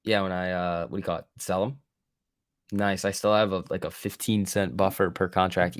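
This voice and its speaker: A man's voice: sits low, fairly even intonation, moderate pace, smooth, no echo, studio quality. A man hosting a live day-trading stream, giving casual, profane, joking commentary and bantering with his chat. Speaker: day trading livestream host.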